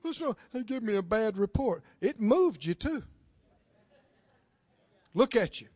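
A male preacher delivering a sermon, prodding the congregation with questions and swinging between shouts and hushed storytelling. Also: high-pitched, lively intonation, takes it slowly, no room sound, lo-fi sound.

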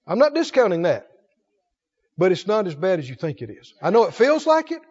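A man preaching a sermon, folksy and animated, swinging from loud calls to low asides. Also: fairly quick. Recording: dull sound with long hall reverb.

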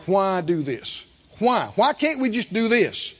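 A male pastor preaching a sermon in an animated way, drawing answers from the congregation. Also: sits high, slow pace, breathy edge, lo-fi sound. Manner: animated preaching with call-and-response.

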